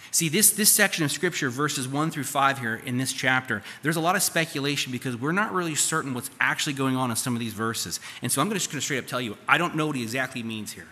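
A man's voice: mid-range voice, fast talker, hardly any pauses, bright, forceful tone. A man preaching a sermon as a pastor, talking casually and putting questions to his congregation. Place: church sanctuary. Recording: live church hall reverb, faint room noise.

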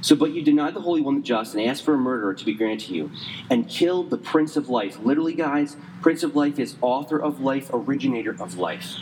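A man preaching a sermon conversationally, quick in places and slow and emphatic in others, saying he is losing his voice. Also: mid-range voice, animated, darkish tone, long reverb tail, a little hiss or hum, poor audio. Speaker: pastor.

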